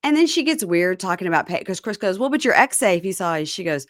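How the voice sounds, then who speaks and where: A woman's voice: lowish voice, fast, no room sound, clean studio sound. A woman podcast host chatting casually, recapping a reality show and acting out the cast's lines. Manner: animated storyteller, acts out quotes from the show.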